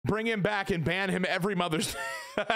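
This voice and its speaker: A man with a high, slightly bright voice streams a game. He chats casually with viewers, rambling, swearing and joking.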